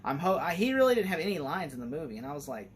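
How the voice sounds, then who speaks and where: A man's voice: a little high, sing-song, rapid-fire, a little hiss or hum. A man talking casually and eagerly in a movie review, rambling with lots of fillers and restarts.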